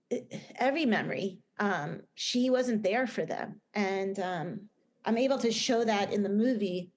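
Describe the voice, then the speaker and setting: A middle-aged woman with a New Jersey accent, a guest in a casual podcast interview, talking earnestly and rambling with many restarts. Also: medium pitch. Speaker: guest, film director and writer.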